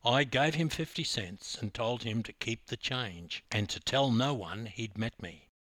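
A man's voice: medium pitch, a little slow, a bit bright, dry recording. Australian male host, narrates with dramatic emphasis, medium voice, dry recording. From Queensland, Australia. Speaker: podcast host and storyteller. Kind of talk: narrated personal story.

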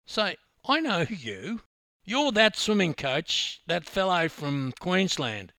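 Casting: a man playing a big, friendly middle-aged petrol attendant, teasing and talkative, slightly raised pitch. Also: sing-song, takes it slowly, gravelly, bright, forceful tone, no echo, heavily acted. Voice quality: chatty, teasing.

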